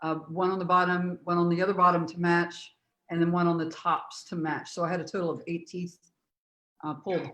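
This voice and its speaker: A woman's voice: fairly low pitch, flat delivery, brisk, a bit bright, reverberant. A woman co-hosting a casual chat show over a video call, chatting in an easygoing way. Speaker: co-host.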